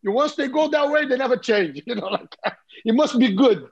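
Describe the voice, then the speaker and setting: A man in his fifties with a Brazilian accent, a guest in an interview, telling stories in an animated way and often repeating and restarting his words. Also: very high voice, moderate pace, slightly rough, muffled recording. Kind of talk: casual interview storytelling.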